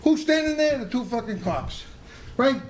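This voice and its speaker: A middle-aged former boxer, appearing as a podcast guest, tells profane stories on a club stage at normal speed in a very high-pitched voice. The noisy live club recording is reverberant, and he animatedly acts out the people in his tales.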